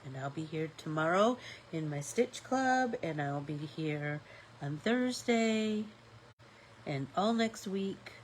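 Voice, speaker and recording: A woman's voice: deep voice, lively intonation, slow, a little hiss or hum, low-quality recording. A woman with a stuffy nose hosting a live-stream art class, chatting casually and thinking aloud with fillers as she paints.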